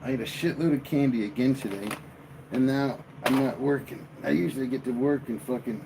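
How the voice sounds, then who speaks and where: A man hosting a live stream, chatting casually and joking with his viewers in a slow, drawling way. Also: mid-range voice, creaky, background noise. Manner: slow, drawling, jokey banter with chat. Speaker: livestream host.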